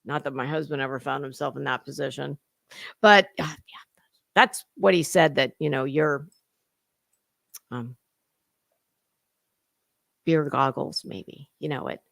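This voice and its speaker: A woman's voice: sits low, measured pace, gravelly, pauses often, a bit bright, dry recording, studio quality. A middle-aged woman hosting sarcastic reaction commentary, mocking and profane, slipping into put-on voices. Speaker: commentary host.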